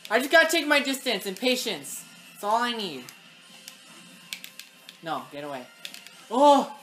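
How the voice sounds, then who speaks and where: A woman giving live gameplay commentary, excitable, talking to the game and yelling at opponents. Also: fairly high pitch, measured pace, faint music behind. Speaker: gaming channel host.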